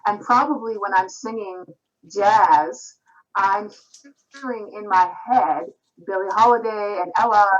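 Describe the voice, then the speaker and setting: A woman's voice: medium pitch, fairly bright tone. Reflective woman on a Skype call. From Canada, Vancouver. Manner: thoughtful, reflective, with frequent restarts. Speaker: singer-songwriter guest. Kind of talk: video call interview. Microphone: video call. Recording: slightly dull Skype audio.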